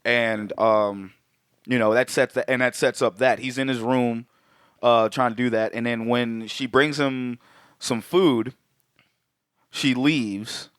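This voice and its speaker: Podcast dude, swears a lot, middle pitch, dry close sound. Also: male voice, slow, smooth, dry recording. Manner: profane, animated retelling with quoted voices. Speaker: podcast co-host. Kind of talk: casual movie chat.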